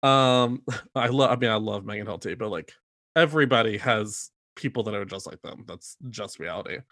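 A man hosting a casual chat, animated and laughing often, slipping into quoted voices. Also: lowish voice, moderate pace, dry recording, studio quality. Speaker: podcast host and theater performer.

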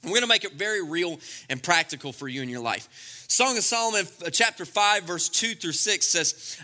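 A man preaching a lively, comedic sermon, acting out scenes in playful voices. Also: high-pitched, normal speed. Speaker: pastor.

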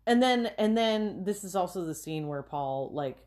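A woman co-hosting a podcast, chatting casually about a film with frequent fillers and quick laughs. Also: lowish voice, animated, darkish tone. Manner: chatty, lots of fillers and swearing, laughs often. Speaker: podcast co-host.

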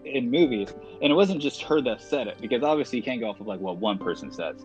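A man's voice: medium pitch, lively intonation, fast talker. A man as a podcast guest in casual chat, a talkative storyteller who speaks properly with many fillers. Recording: dull lo-fi podcast audio with music.

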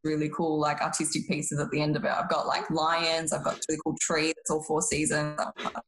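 Low-voiced Australian woman, chatty. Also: a little fast, reverberant, background noise. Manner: chatty, animated, slangy. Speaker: psychologist guest. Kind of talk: casual podcast conversation.

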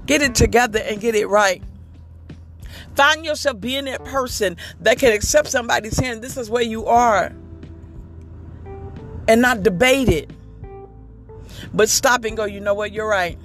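A woman delivers an inspirational monologue in a preachy, emphatic manner. She speaks candidly and builds rhythm by repeating her phrases. Faint music plays softly behind her. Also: a little high, measured pace, pauses often. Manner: candid and confessional. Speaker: motivational speaker.

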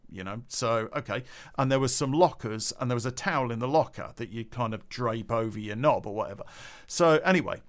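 A middle-aged man tells a personal story for a podcast. His voice swings widely in pitch, and he swears and laughs his way through it with plenty of fillers. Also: a bit bright. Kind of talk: casual anecdote telling.

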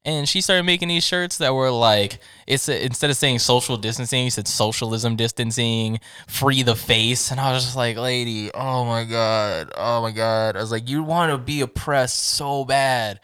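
A mid-pitched man trades blunt, sarcastic remarks in relaxed group banter. His talk is laced with swearing. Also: moderate pace, few pauses, clean tone. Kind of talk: casual podcast chat.

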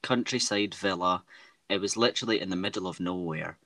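A man's voice: low-pitched, a little fast, bright, forceful tone, no echo. A young man with a Scottish accent, co-hosting a podcast. He chats with enthusiasm and steers the conversation. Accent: Scottish, west of Scotland. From Scotland. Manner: enthusiastic, keeps the talk on track. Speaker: podcast co-host. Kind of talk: casual chat.

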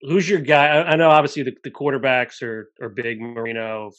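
A man hosting a casual podcast interview, easygoing and a bit halting. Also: medium pitch, level tone, fairly bright tone, dull audio. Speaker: podcast host.

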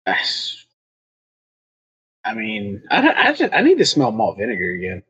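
A man co-hosting a podcast, hesitant and halting, restarting his sentences. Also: on the low side, wildly swooping pitch, fairly bright tone, slightly rough, highs cut off. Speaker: podcast co-host. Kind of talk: casual chat.

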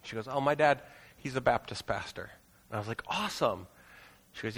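A pastor preaching a sermon in a church auditorium, earnest and pleading, moving into prayer. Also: male voice, mid-range voice, animated, moderate pace, gravelly, pauses often, a bit bright, breathy edge, in a large hall.

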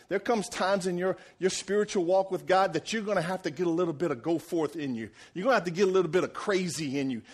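Animated high-voiced male preacher. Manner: animated storytelling, acts out the characters' lines, laughs often. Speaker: pastor. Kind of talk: sermon.

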